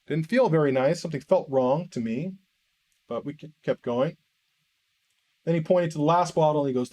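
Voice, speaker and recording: A man's voice: on the high side, fairly quick. A man preaching in a theology course, telling a story and acting out both sides of a conversation. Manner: animated storyteller acting out dialogue. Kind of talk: sermon storytelling.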